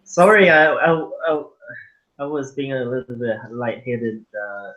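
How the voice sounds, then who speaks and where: A man's voice: medium pitch, animated, a little slow, a bit bright, highs cut off. A man speaking as a guest on an online podcast, polite and a little hesitant. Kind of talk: casual chat.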